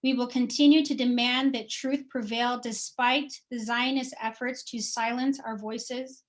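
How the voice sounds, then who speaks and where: A woman with a high voice reads a prepared statement as an activist speaker. Her delivery is forceful and declarative, each demand stated firmly. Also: steady tone, measured pace.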